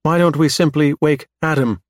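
A man's voice: on the high side, normal speed, no room sound, lightly acted. A man voicing a trapped male scientist speaking urgently from a lump of scrap metal, in a dry recording. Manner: urgent, pleading.

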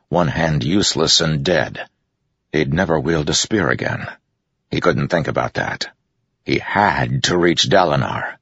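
Very deep gravelly male narrator. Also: fairly bright tone, no room sound, highs cut off. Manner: measured, dramatic reading. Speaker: audiobook narrator. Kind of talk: scripted narration.

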